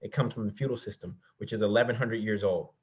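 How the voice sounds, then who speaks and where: A man's voice: lowish voice, fast, a little mellow. A man coaching an audience on real estate investing in a motivational presentation, preaching and firing off rhetorical questions while calling them "y'all". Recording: slightly dull lo-fi recording.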